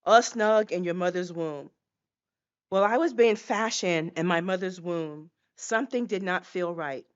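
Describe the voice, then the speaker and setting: A woman's voice: lowish voice, measured pace, dull audio. A woman in her sixties giving a dramatic personal testimony as a guest speaker, acting out scenes as she tells them. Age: 60s.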